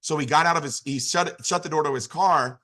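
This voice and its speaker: Fast, bright-voiced motivational man. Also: on the high side. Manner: animated, with frequent restarts and filler phrases. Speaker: business opportunity speaker. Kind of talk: motivational storytelling talk.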